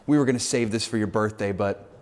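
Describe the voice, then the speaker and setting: A man voicing a soft-spoken, consoling middle-aged father in a gentle, hushed tone. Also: on the low side, fast talker, natural voice. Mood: tender.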